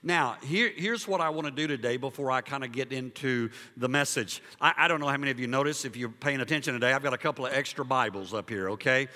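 A male pastor preaching a sermon and telling a story, moving between loud emphasis and hushed, quiet passages. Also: mid-range voice, fast, hardly any pauses, long reverb tail. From Liberia. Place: church sanctuary.

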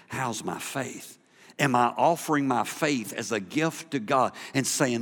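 A middle-aged man preaching a sermon as pastor, animated, acting out the voices of the people in his story and rising to loud emphasis. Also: on the high side, moderate pace. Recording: long reverb of a large hall.

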